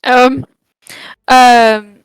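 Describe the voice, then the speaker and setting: A woman's voice: a little high, little pitch movement, drawn-out words, clear, resonant tone, dry recording, poor audio. A woman playing a tabletop game, describing her character's moves with hesitant fillers. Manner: hesitant, full of fillers, laughing. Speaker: player. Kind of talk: casual play at a tabletop game.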